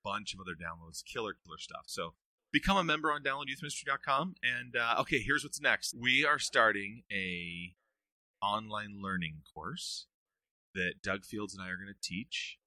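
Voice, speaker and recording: A middle-aged man talking about youth ministry in a casual podcast interview, telling stories with earnest energy and quick laughs. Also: on the low side, pushed and bright, no echo.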